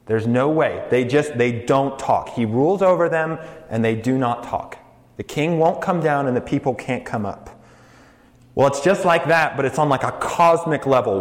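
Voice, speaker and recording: A man preaching a sermon in a casual, joking way to his congregation. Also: mid-range voice. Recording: echoey hall.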